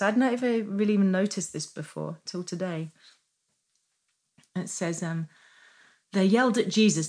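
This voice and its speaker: A middle-aged woman giving an informal devotional teaching, animated and often laughing, moving into fervent worship. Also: medium pitch, a little slow, pauses often. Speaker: Christian teacher sharing a devotional.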